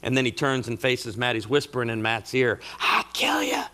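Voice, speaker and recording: Bright-voiced, animated middle-aged preacher. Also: male voice, mid-range voice, a little fast. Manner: animated storyteller with comic asides. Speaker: marriage conference speaker. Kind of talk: humorous sermon-style talk.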